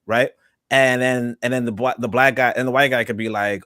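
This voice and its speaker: A man's voice: medium pitch, fairly even intonation, fairly quick, fairly bright tone, no echo, studio quality. A man hosting a livestream podcast, talking in a loose, rambling way with many fillers and asides. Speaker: podcast host. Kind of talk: casual livestream talk.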